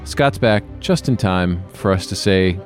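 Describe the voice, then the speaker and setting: A man's voice: low-pitched, measured pace, soft background music. A man hosting a role-playing podcast, closing the episode with upbeat thanks. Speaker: podcast host. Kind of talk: show sign-off.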